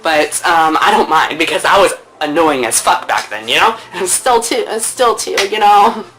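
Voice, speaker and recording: At a normal speed, over faint background music, a young woman storytime vlogger chats to camera at home about a casual story. She's animated and playful, heavy on fillers and swearing, acting out other people's words with big vocal leaps.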